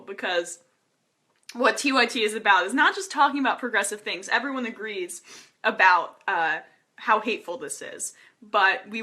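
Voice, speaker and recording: A woman's voice: medium pitch, pushed and bright. A young woman hosting a casual political live stream, talking earnestly and emotionally with many fillers and nervous laughs. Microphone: webcam or phone.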